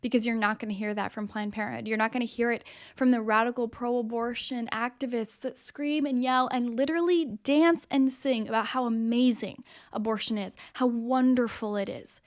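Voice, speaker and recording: A woman's voice: fairly high pitch, fairly even intonation, moderate pace, hardly any pauses. A woman hosting her own show, delivering impassioned, emphatic opinion commentary straight to the viewer. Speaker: show host.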